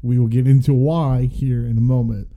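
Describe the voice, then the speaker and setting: A man's voice: medium pitch, fairly even intonation, moderate pace, narrow, tinny audio. A man co-hosting a casual movie review podcast, joking and rambling with many fillers. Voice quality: very dark, mellow voice. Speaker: podcast co-host.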